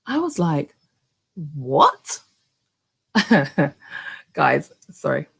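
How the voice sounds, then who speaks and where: A woman in her thirties tells her own story straight to her viewers, casual and animated. Her voice sits low with a gravelly edge. She circles back, restarts and fills pauses with "you know" as she goes. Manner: animated, many fillers and restarts. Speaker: channel host telling her story. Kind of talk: personal storytelling to camera.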